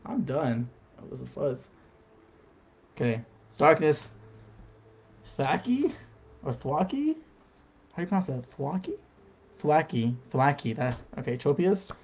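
A young man streaming live, casually calling out cards as he opens packs and breaking into excited shouts at good pulls. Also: medium pitch, normal speed, pauses often, husky. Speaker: card-opening streamer. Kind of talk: live card pack opening.

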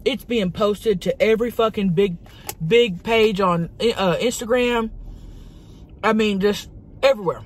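A woman's voice: medium pitch, measured pace, close to an everyday voice. A woman playing a brash, hot-tempered woman, who rambles profanely and dramatically in a comedic monologue from a parked car. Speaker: vlogger.

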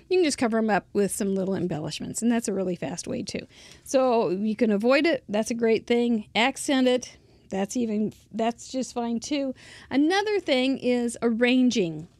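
A woman's voice: a little high, a little mellow, no room sound. A middle-aged woman casually teaching card making, chatting and thinking aloud as she works at a close mic. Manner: chatty, rambling, thinks aloud while working. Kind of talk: casual craft tutorial.

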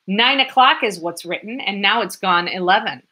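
A woman voicing a hot-tempered male police lieutenant who shouts indignantly. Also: lowish voice, expressive, moderate pace. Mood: indignant shouting.

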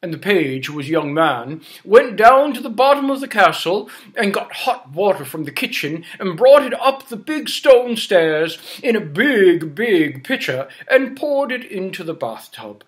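Storyteller guy, slow and lively, gets the kids to say lines with him. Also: sits high. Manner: animated, playful, invites the audience to join in. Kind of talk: storytelling for children.

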